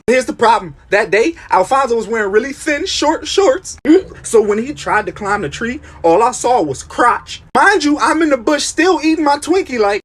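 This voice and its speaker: A young man with a husky, slightly rough voice tells comic storytime tales. He swings his pitch all over, jumping high and dropping low for punchlines. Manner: animated, jokey, swings pitch wildly. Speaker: storytime narrator. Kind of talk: comedic animated storytime narration.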